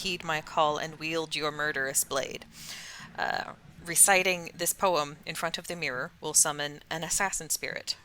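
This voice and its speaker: Bright-voiced woman running a tabletop game. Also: sits low, clean tone. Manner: casual, hesitant, laughs often. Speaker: game master.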